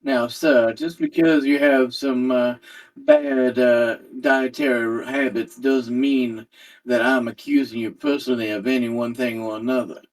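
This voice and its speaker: A man playing a tabletop game, measured and formal when in character. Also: medium pitch, flat delivery, recorded from a distance. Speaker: player.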